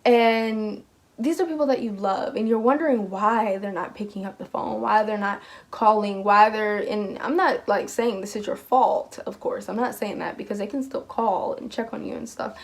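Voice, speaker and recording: A woman giving a tarot reading to her viewers, animated and acting out what they and their spirit guides might say. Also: medium pitch, normal speed, creaky. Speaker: tarot reader.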